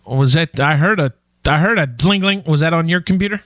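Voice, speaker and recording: A man co-hosting a podcast keeps up a teasing, laughing banter in casual chat. His voice sits a little high. The sound is dry and close, with no room in it. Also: a little fast, fairly bright tone, dry recording. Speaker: podcast co-host.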